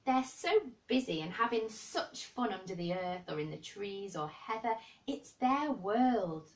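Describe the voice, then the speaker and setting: A woman's voice: mid-range voice, expressive, a little slow, recorded from a distance, voice pushed up, lightly acted, rough recording. A woman reading aloud, voicing a bold, obstinate young girl. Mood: eager. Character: blunt, stubborn young girl.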